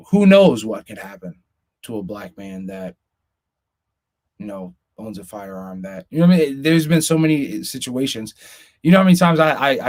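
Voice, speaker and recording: A man co-hosting a casual podcast, talking earnestly and with concern, often stumbling and restarting his sentences. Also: fairly low pitch. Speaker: podcast co-host.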